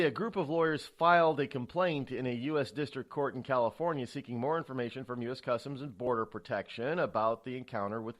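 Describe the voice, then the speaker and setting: A man's voice: mid-range voice, dull audio. Male talk radio host, mid-range voice, rambles, restarts his words and slips in indignant asides. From United States. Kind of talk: solo political commentary.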